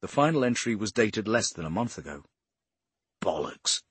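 A male narrator reads a crime novel with a husky voice and a lively, wide-ranging pitch. The reading is measured and expressive, recorded close and dry. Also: dry recording. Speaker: audiobook narrator.

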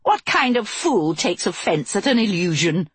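A woman voicing a defiant young queen who speaks in a sharp, scornful, commanding way. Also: mid-range voice, very animated, normal speed, breathy edge, no echo.

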